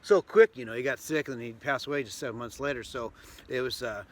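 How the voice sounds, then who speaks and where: A middle-aged man leading a casual interview outdoors on a trail and asking his questions gently. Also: medium pitch, fast talker. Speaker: interviewer, father.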